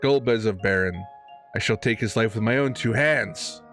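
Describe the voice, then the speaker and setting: Guy doing a grim old sage bent on revenge, stern, a bit lower. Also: normal speed, a bit bright, faint music behind, natural voice. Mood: vengeful.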